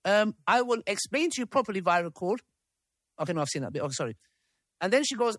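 A debate panel host runs a live discussion in a high, a bit bright voice, quick-paced and sing-song with lots of rise and fall. He reads messages aloud, interrupting himself for asides and room checks. The audio is close-miked and dry, with little echo.

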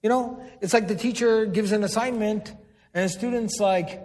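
A man's voice: high-pitched, normal speed, darkish tone. A man giving a sermon, explaining terms, repeating words for emphasis and putting questions to the audience. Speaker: Islamic preacher. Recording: long hall reverb.

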